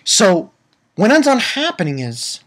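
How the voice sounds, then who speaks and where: A man giving an excitable, profane casual recap of an anime episode, with lots of restarts. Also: high-pitched, unhurried. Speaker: anime reviewer.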